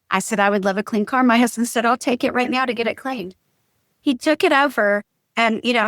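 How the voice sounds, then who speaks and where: A woman tells marriage stories in a relaxed podcast chat. She acts out quotes with lively swings in her voice. The sound is dry and close. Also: fairly high pitch, no room sound. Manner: animated storyteller acting out quotes. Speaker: podcast guest, marriage coach. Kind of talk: casual storytelling chat.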